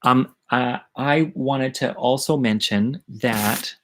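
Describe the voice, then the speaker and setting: A man's voice: mid-range voice, slow pace, fairly bright tone, slight background noise, poor audio. A middle-aged man telling a story from his childhood in a chatty, rambling way, swearing freely, as the host of an online story hour. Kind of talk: casual live-streamed storytelling.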